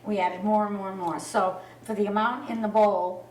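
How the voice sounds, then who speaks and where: A woman's voice: medium pitch, fairly even intonation, normal speed, darkish tone, roomy sound, recorded from a distance, a little hiss or hum, rough recording. A woman co-hosting a casual cooking demonstration, explaining each step plainly. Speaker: cooking show co-host.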